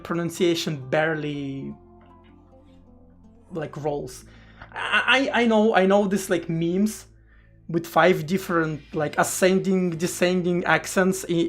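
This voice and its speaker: A streamer chatting casually during a live coding session, rambling with stammered restarts and casual swearing, faint music behind. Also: mid-range voice.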